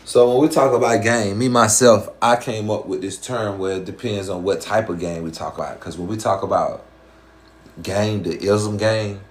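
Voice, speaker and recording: A man's voice: lowish voice, steady tone, normal speed. A man with a Southern American accent, hosting a live stream in casual chat and talking in slangy, profane, rhyming streetwise patter. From Southern US, Georgia.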